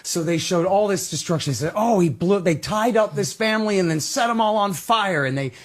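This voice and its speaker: Husky man firing rhetorical questions. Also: sits high, lively intonation, fairly quick. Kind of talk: argumentative interview talk.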